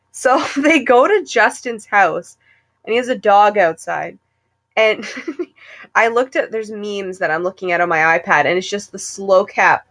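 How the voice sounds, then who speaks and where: A woman co-hosting a podcast, chatting casually and retelling a story in an animated, giggly way with lots of "like". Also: medium pitch. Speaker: podcast co-host. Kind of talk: casual chat.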